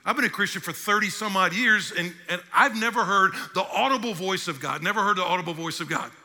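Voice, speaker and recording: A man in his forties preaching a sermon in a church, animated and playing out little voices of his listeners. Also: high-pitched, fast, creaky, in a large hall. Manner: animated preaching with acted asides. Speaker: pastor. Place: church sanctuary.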